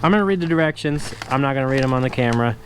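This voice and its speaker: A man explains a do-it-yourself windshield fix in a relaxed, offhand way, stopping often for ums and uhs. His voice sits at an average pitch, with faint noise behind it. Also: racing. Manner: relaxed, self-deprecating, with many fillers. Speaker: DIY vlogger. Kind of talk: casual how-to narration.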